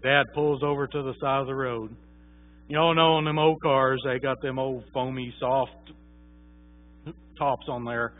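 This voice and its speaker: A man's voice: mid-range voice, fairly even intonation, a little slow. A man preaching a sermon, telling a story in a folksy, conversational way with many fillers. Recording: tinny phone-like sound.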